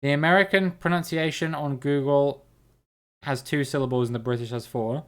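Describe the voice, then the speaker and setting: A male streamer hosts a live geography guessing game, thinking aloud in an easygoing, chatty way and greeting viewers in chat by name. His voice is on the high side, steady, and at normal speed.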